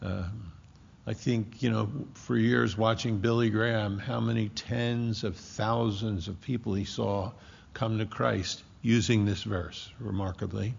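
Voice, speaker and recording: A male preacher delivers an expository sermon at an unhurried, deliberate pace, leaning on key words. His voice has a gravelly edge, and the recording sounds dull and lo-fi. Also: on the low side, steady tone. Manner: slow, deliberate expository preaching with drawn-out emphasis.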